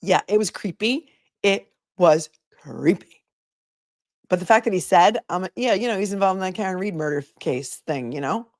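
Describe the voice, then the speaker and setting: A woman attorney hosting a casual livestream, telling stories in a chatty, animated way and talking to her chat. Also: lowish voice, moderate pace, no room sound, clean studio sound. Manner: chatty, animated storytelling, reads chat aloud.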